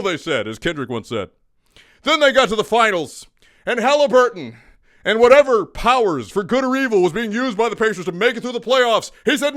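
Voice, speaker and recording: A man's voice: high-pitched, very animated, a little fast, a bit bright, dry recording, studio quality. A young man hosting a comedic sports debate show, with a mock-grandiose, speechmaking delivery.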